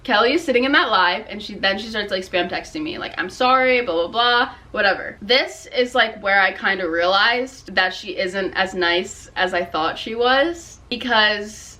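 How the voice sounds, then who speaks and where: A woman's voice: mid-range voice, normal speed, few pauses, sharp tone. A young woman telling a storytime vlog in a casual, profane, exasperated way, with frequent "like". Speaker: vlogger.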